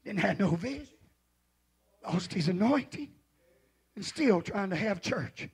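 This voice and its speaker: Male pastor, very high-pitched and gravelly, shouted revival sermon in a church. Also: animated, measured pace, pauses often. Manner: hollering preacher rising to shouted refrains.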